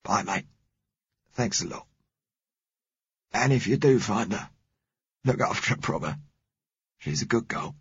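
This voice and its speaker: A man's voice: on the low side, animated, a little slow, long pauses, fairly bright tone, breathy edge, voice pushed up, heavily acted. Man doing a dying workman. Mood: resigned. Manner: coarse, slangy, blunt. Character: dying rough-spoken London working man. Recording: dull, muffled recording.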